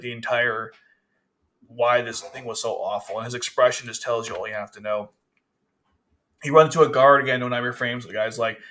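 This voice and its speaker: Guy doing a manga review, bright kinda tense voice, rambly, keeps restarting his sentences. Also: medium pitch, slight background noise. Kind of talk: casual commentary.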